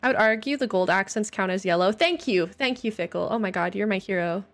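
A playful woman chats to her stream audience while she builds in a game. Her voice sits in an ordinary middle pitch. Light game music plays quietly behind her. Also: fairly quick. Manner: playful, chatty, reacting to viewers. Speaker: livestreamer. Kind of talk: casual live-stream chat while playing. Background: faint game music.

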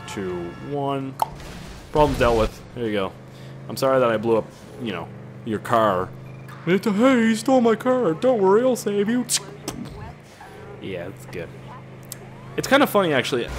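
Excitable man rambling over gameplay. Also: mid-range voice, noisy background. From Canada. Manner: excitable, rambling, swears often. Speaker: gaming YouTuber. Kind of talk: casual gameplay commentary.

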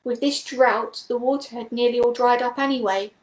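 A woman reading a storybook aloud, voicing a gentle, hesitant male badger. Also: fairly high pitch, steady tone, moderate pace, echoey room, close to an everyday voice. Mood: worried.

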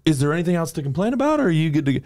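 A man's voice: fairly high pitch, very animated, racing, a little mellow. A young man hosting a podcast, chatting casually and telling jokey stories with the crew. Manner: joking storyteller. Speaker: podcast host. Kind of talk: casual chat.

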